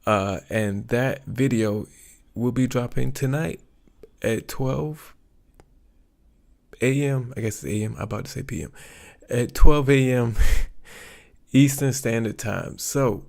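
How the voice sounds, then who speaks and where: Slow, gravelly-voiced man chatting. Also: mid-range voice, a little mellow. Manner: rambling, chatty, searches for words with many ums. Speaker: YouTube livestream host. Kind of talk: casual livestream chat.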